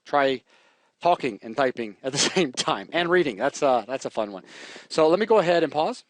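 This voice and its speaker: A man teaching programming in a relaxed, jokey way while he types, walking through code on a live stream. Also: medium pitch, normal speed, dry recording. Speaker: programming instructor. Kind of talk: live coding tutorial.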